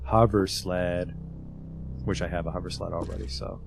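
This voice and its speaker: Male game streamer, low voice, loose and chatty, reads in-game text aloud over faint background music. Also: little pitch movement, moderate pace, gravelly. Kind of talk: casual livestream commentary.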